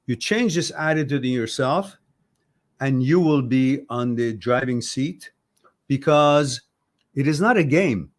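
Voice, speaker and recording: A man's voice: mid-range voice, expressive, measured pace. Passionate, blunt man giving advice. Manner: passionate, blunt, swears when upset; acts out both sides of conversations. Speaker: advice show host. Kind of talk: livestream advice talk reading viewer comments.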